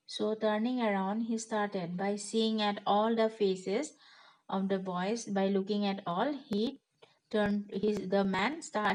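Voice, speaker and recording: A woman's voice: medium pitch, rough recording. A woman teacher, reading a story aloud to a class and then retelling each sentence in simple words. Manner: unhurried, patient classroom explaining with frequent restarts. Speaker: schoolteacher.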